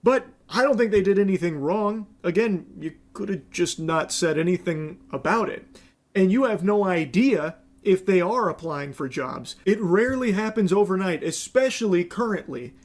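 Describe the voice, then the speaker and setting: A man's voice: high voice, animated, normal speed. A man giving a reaction commentary, scolding and sarcastic in an exasperated way.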